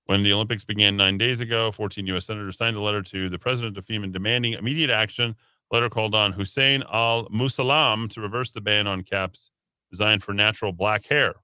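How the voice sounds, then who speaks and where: A man's voice: lowish voice, steady tone, quick pace, pushed and bright, clear, resonant tone, no echo. A man hosting a talk radio show, reading news items and adding sarcastic asides in a casual way. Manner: reads headlines then adds sarcastic asides.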